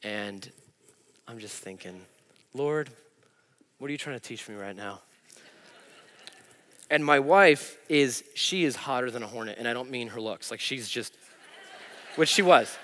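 A man's voice: mid-range voice, expressive, a little slow, pauses often, a bit bright. A man preaching a sermon as pastor, telling a self-deprecating story from his own life. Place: church. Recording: church hall reverb.

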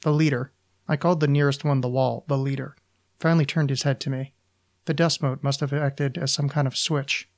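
A man, a podcast host, reading his own short story aloud in a deliberate, deadpan manner. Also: mid-range voice.

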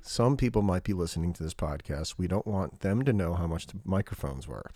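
Exasperated dad, low dry voice. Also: male voice, expressive, fairly quick, dark tone, no room sound. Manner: exasperated, scolding. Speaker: podcast host and father. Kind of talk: casual chat.

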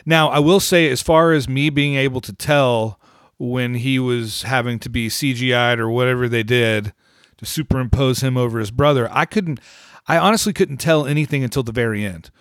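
A man's voice: medium pitch, moderate pace, a bit bright, no echo, studio quality. Thoughtful man chatting about a movie. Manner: thoughtful, rambling, trailing off. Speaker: podcast co-host. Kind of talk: casual movie review chat.

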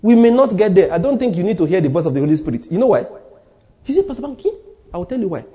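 A man's voice: sits high, big pitch swings, rapid-fire, mellow, lo-fi sound. A man with a Nigerian accent preaching a sermon as pastor, emphatic and repeating his key lines, sometimes dropping almost to a whisper.

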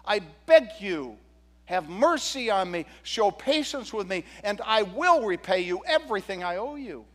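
A man's voice: high-pitched, sing-song, a little slow. A male pastor playing a desperate debtor pleading on his knees for patience.

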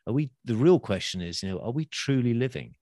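A man being interviewed about his book, talking in an animated, emphatic way with sudden loud bursts. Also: mid-range voice, quick pace, no room sound, clean studio sound. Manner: animated, emphatic storyteller with big swings in loudness. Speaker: podcast guest, author. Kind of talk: casual interview chat.

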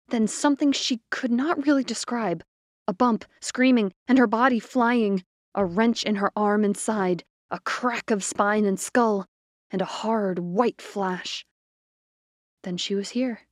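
A woman narrating a short story in a measured, expressive reading. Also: medium pitch, dry recording, clean studio sound. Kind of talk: scripted fiction narration.

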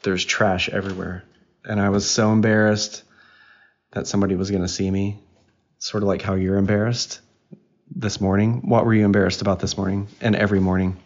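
Bantering teasingly with his daughter on their casual family podcast, this father speaks a little fast in a level tone with a voice on the low side. The recording is dull and lo-fi.

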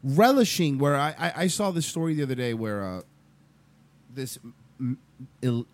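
A man's voice: medium pitch, big pitch swings, normal speed. A man in a casual talk show discussion, emphatic and stumbling over repeated words when heated.

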